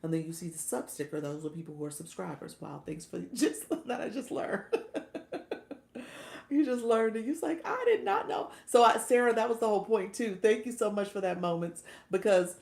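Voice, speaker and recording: A woman's voice: medium pitch, normal speed, gravelly, darkish tone, echoey room. A woman coaching new livestreamers in a casual chat, laughing often and thanking viewers as she reads their comments.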